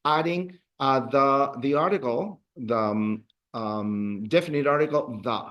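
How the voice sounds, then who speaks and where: Hardly pausing, a man with a medium-pitched voice teaches beginner Spanish at a moderate pace. He explains grammar rules and drills the class with animated counts and praise.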